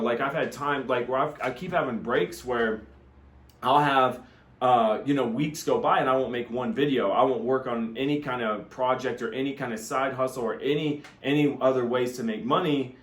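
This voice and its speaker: A man's voice: medium pitch, echoey room. A man vlogging in a casual personal monologue, rambling and earnest, with many fillers.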